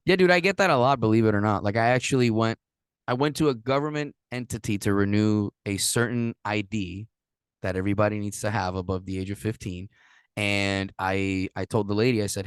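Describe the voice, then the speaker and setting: A man's voice: on the low side, a little fast, clean tone, dry recording. A man from Puerto Rico hosting a casual podcast, telling stories with lots of swearing and acted-out quotes. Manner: animated storyteller, swears a lot, acts out quotes. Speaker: podcast host.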